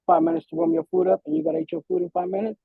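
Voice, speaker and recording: A man's voice: extremely high pitch, sing-song, rapid-fire, vocal fry, no room sound. A man, a bus operator, giving an emphatic, frustrated public comment at a transit board meeting. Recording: tinny phone-like sound.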